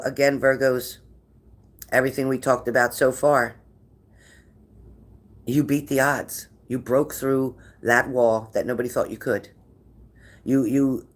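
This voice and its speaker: A man giving a tarot reading to viewers, talking in an encouraging way and often repeating his phrases. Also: mid-range voice. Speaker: tarot reader.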